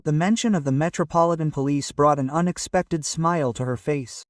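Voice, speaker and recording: A man's voice: on the high side, brisk, hardly any pauses, dry recording. Dry, distant male audiobook narrator.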